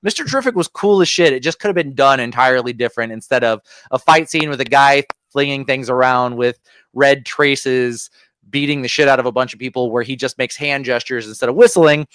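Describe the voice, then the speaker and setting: Opinionated man ranting with smooth voice. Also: mid-range voice, fairly quick, a bit bright, no echo. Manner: opinionated, ranting with frequent fillers. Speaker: podcast co-host. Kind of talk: casual movie review chat.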